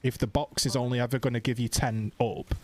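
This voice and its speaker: A British man streaming, telling a story in casual, animated chat and swearing freely. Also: mid-range voice, fairly quick. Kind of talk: casual chat, ranting anecdote.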